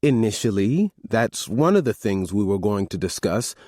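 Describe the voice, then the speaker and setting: A man reading an audiobook, voicing an older mother who calmly and firmly lays down the law to her grown children. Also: lowish voice, moderate pace, no echo, studio quality. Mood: firm, commanding. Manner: firm, commanding, calm. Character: stern family matriarch, older woman.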